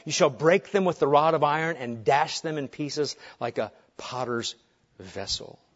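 Dramatic preacher man, lo-fi recording. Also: moderate pace. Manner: dramatic shifts between booming emphasis and hushed calm. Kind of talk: expository sermon. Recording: dull lo-fi sermon recording.

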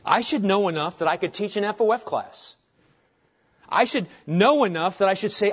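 A middle-aged man preaching a sermon as pastor, swinging between hushed asides and loud, emphatic points. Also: high-pitched, normal speed, breathy edge. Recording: dull lo-fi sermon recording.

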